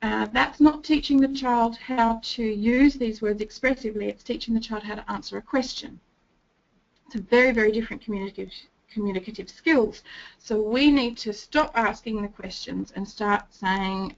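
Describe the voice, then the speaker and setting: A woman presenting a training talk, explaining steadily and acting out gentle sing-song phrases as if to a child. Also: fairly high pitch, moderate pace, vocal fry. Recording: dull lo-fi recording.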